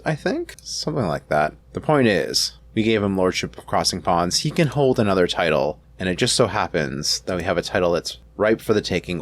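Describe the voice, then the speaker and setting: A man's voice: low voice, dry recording. A man hosting a let's play, talking casually through his strategy game and correcting himself as he goes. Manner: rambling, self-correcting, thinks aloud.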